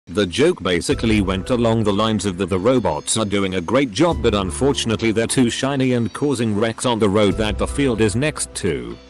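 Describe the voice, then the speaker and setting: A man's voice: on the low side, lively intonation, normal speed, few pauses. A man reading forum posts aloud, speaking punctuation marks as words. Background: faint background music.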